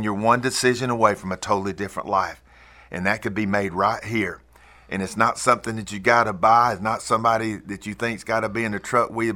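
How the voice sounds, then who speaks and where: A man's voice: lowish voice, pushed and bright. A man hosting a Christian trucking program, talking in an earnest, folksy way and leading listeners through a prayer. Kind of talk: prayer and invitation to faith.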